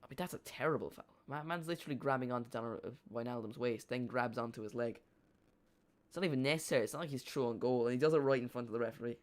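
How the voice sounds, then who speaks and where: A man hosts a live football watch-along, half calling the match and half rambling off into jokes with his chat. His voice is smooth and clear, sitting at an ordinary pitch for a man. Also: rapid-fire.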